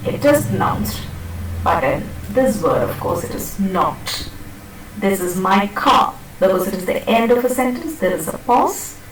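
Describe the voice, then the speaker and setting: A woman's voice: mid-range voice, very animated, normal speed, slight background noise. A woman teaching pronunciation in a classroom lecture, patiently repeating and demonstrating words and checking that students follow. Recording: echoey classroom from a distant mic.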